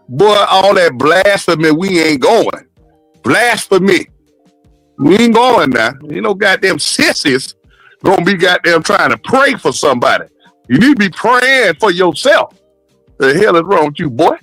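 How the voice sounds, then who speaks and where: Guy with a high bouncy voice, crude and mocking, dry close mic. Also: sing-song, unhurried, a bit bright, no echo, faint music behind, rough recording. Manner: crude, mocking, laughs often. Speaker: panel caller. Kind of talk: casual chat.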